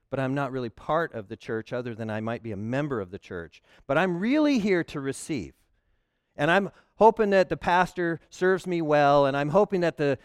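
A man preaching a sermon to a congregation, animated and humorous, acting out the voices of churchgoers to make his points. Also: fairly high pitch, clear, resonant tone, no echo, studio quality. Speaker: pastor.

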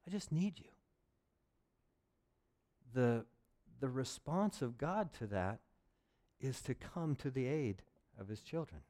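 A man preaching a sermon as a pastor, passionate and swinging between loud urgency and quiet intimacy. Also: medium pitch, lively intonation, a little slow.

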